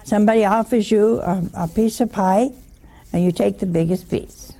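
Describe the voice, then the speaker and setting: A woman's voice: mid-range voice, moderate pace, dark tone. A woman giving a chatty sermon, teasing her listeners with rhetorical questions and humor. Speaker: religious teacher. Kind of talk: conversational sermon.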